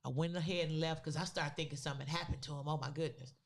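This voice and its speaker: A woman co-hosting a podcast, telling a personal story in a casual, animated way with loose, vernacular phrasing. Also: low-pitched, very fast. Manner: animated, acts out the people in her story. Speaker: podcast co-host.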